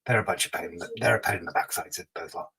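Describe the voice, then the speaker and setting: A man's voice: sits low, very fast, vocal fry, pushed and bright, breathy edge, rough recording. A man hosting a casual livestream, reading out viewer comments and teasing them in a chatty way. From Scotland. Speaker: livestream host.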